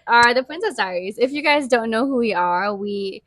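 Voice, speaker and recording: Young woman cohosting a chatty podcast, kinda high voice, giggles a lot. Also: animated, moderate pace, fairly bright tone, dry recording, clean studio sound. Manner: chatty, giggly, talks in bursts. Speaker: podcast co-host. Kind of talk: casual chat.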